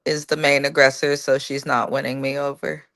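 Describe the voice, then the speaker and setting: A woman's voice: rumbling low, level tone, moderate pace, a bit bright. A woman co-hosting a casual TV recap, firm and argumentative as she lays out her case. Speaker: co-host.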